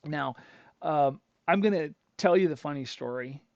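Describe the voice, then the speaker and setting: Middle aged guy, gravelly voice, rambly storytelling host, kinda muffled dry audio. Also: a little high, normal speed, a little mellow, no echo. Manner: rambling, chatty, self-interrupting storyteller. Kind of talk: casual storytelling monologue. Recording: dull lo-fi dry recording.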